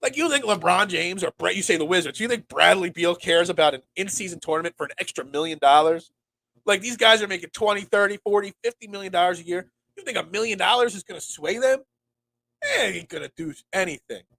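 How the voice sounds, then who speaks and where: Sick, rambling forty-something sports host. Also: male voice, high-pitched, fairly quick, gravelly, bright, forceful tone. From Pennsylvania, USA. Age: 40s. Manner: rambling, stammers and restarts, reads and answers chat. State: sick, congested. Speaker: sports talk show host. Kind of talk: casual sports talk.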